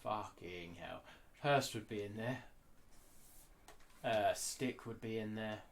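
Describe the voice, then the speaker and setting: A man talking candidly in an interview, blunt and animated, swearing freely. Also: on the low side, slow pace, gravelly, a little hiss or hum. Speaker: guest artist.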